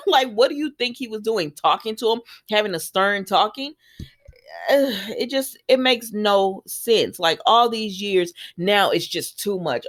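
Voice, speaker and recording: A woman's voice: mid-range voice, expressive, measured pace. A young woman casually recapping a soap episode, chatty and opinionated, acting out the characters' lines as she goes. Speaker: soap opera recap vlogger.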